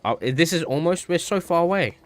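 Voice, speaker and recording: A man's voice: on the high side, animated, fairly quick, slight background noise. A man giving casual, chatty commentary while playing a game, talking offhand to himself.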